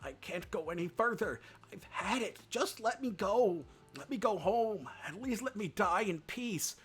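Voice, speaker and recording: A man's voice: medium pitch, animated, unhurried, pushed and bright, slightly rough, full character voice. A man voicing an old, badly wounded fox who pleads and hisses with contempt in a storybook reading. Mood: imploring. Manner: pleading, then hissing with contempt. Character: old wounded male fox, desperate then bitter.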